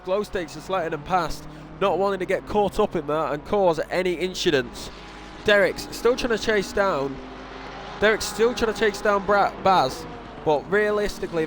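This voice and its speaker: A young man with a high voice calls a sim race live in a loose, casual way, restarting sentences and poking fun at himself. A faint hum sits behind him. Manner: casual, self-deprecating, with restarts and exclamations. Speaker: race commentator. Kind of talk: sim racing commentary.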